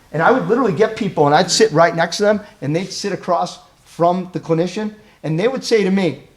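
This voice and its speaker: A man giving a crisis-intervention training talk in a conversational way. He often acts out scenarios and checks in with his audience. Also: a little high. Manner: animated, acts out scenarios in quoted voices. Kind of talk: training presentation.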